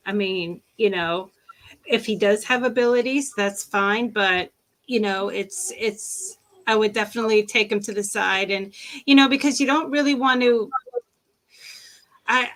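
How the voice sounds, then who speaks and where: A woman's voice: mid-range voice, a bit bright. A woman co-host in a casual chat, speaking hesitantly and unsure of her words.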